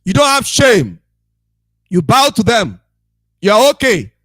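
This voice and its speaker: A man's voice: high-pitched, huge pitch swings, slow, fairly bright tone, no echo, clean studio sound. A man, giving a repetitive, emphatic and scolding preaching monologue as a radio broadcaster.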